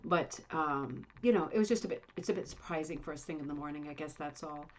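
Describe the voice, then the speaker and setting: A woman's voice: low-pitched, fairly quick. Chatty rambling woman hosting a livestream. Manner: chatty, rambling, self-deprecating. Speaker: livestream host. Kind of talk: casual livestream chat. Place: home, Indiana.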